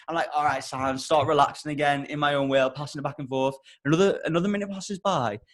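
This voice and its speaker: A young man hosting a podcast and telling a rambling story in an animated, casual way, swearing often. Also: on the high side, fast talker. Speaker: podcast host.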